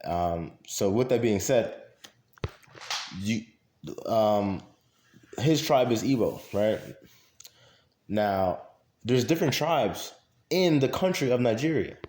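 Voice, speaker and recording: A man's voice: lowish voice, lively intonation, slow, long pauses, a little mellow, slight background noise. A man in a casual monologue to camera, talking emphatically with many fillers and repeating his points. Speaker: vlogger. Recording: echoey room.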